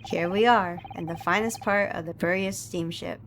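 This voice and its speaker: A woman voicing a gruff male Russian ship's guard who speaks slow, broken English with an attempted Russian accent, over some background noise. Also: fairly low pitch, steady tone, a bit bright, natural voice.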